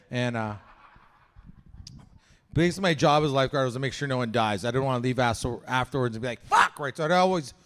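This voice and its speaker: A young man from Canada doing a crude, conversational stand-up set on stage, acting out voices in his stories. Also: mid-range voice. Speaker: stand-up comedian. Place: comedy show stage with live audience.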